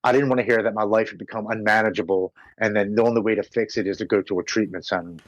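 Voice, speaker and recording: A man telling his personal recovery story as a podcast guest, earnest and slowing down on heavy moments. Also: lowish voice, fairly even intonation, no room sound, highs cut off.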